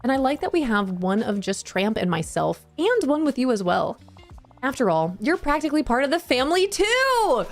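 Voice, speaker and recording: A woman reading a gentle, refined female dog's lines aloud from a cozy game. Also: sits high, sing-song, moderate pace, soft background music. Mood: fond.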